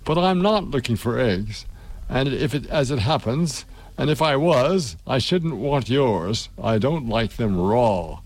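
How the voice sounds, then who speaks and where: A man's voice: medium pitch, lively intonation, unhurried, no echo. A man reading a storybook aloud on radio, speaking a polite little girl's lines in an earnest, hesitant way. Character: polite, puzzled little girl.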